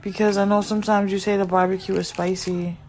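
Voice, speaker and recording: A woman's voice: medium pitch, level tone, fast, a little mellow. A woman hosting her own podcast from home, chatting casually and bluntly to viewers while looking after her kids and getting sidetracked. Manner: rambling, blunt, easily sidetracked. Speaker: podcast host and mother.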